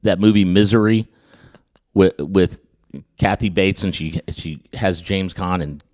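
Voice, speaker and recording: A man hosting a podcast, telling a funny personal story in casual chat, with many restarts and lively re-enactments. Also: low-pitched, unhurried. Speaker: podcast host.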